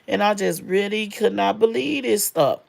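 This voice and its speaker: A woman's voice: mid-range voice, normal speed, creaky, a little mellow. A woman in her forties telling a personal story in a casual, emotional way, with many fillers, close to tears. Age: 40s.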